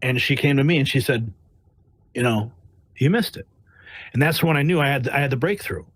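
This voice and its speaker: A man's voice: medium pitch, a little fast, fairly bright tone, no echo, low-quality recording. A man speaking as a White House press correspondent, telling his stories bluntly and emphatically, acting out the voices of the people in them. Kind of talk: animated interview storytelling.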